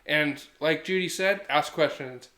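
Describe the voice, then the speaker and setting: Earnest, animated male podcast co-host. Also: a little high, measured pace, reverberant. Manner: earnest, animated storytelling with acted quotes. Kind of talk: casual podcast chat.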